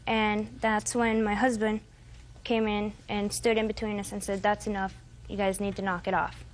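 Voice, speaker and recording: A woman's voice: mid-range voice, level tone, moderate pace. A woman in her twenties giving testimony as a defendant in court, rambling and hesitant, quoting what others said. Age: 20s.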